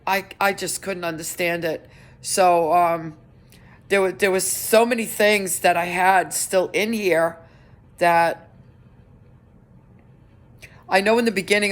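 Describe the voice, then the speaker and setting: A middle-aged woman giving a personal update on her vlog, talking in an earnest, halting way with many restarts. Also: fairly low pitch. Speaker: vlogger.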